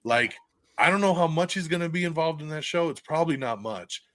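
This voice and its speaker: A man hosting a podcast, reviewing a movie in casual, excited chat. He swears freely and laughs often. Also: fairly high pitch, fairly quick, no echo. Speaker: podcast host. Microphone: podcast mic, recorded live for video stream.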